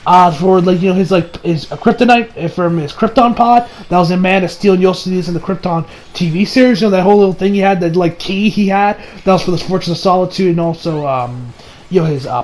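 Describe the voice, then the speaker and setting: A man's voice: sits high, a little hiss or hum, poor audio. A man casually recapping an anime episode, rambling with many fillers and briefly acting out the characters' lines. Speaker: anime reviewer.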